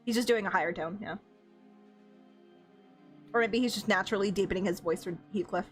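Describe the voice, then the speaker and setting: A young woman streaming a game, reacting with giggles and excitement and reading the game text aloud. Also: medium pitch, brisk, soft background music.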